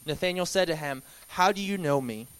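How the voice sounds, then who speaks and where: A young man teaching a Bible study at church in a relaxed, conversational way, with filler words and restarts. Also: a little high, fairly quick, clean tone, rough recording. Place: church hall.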